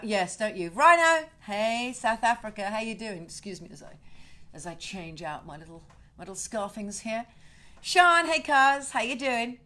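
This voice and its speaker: A woman hosting a livestream from her home over a webcam, chatting animatedly with viewers, greeting them with whoops and swearing freely in ranting bursts. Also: fairly high pitch. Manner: excited whoops greeting fans by name. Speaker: singer-songwriter hosting a livestream.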